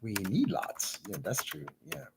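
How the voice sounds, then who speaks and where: A man's voice: fairly low pitch, big pitch swings, measured pace, vocal fry, a little hiss or hum. A man talking in a rambling solo monologue, drifting from thought to thought and calling the listener "man.".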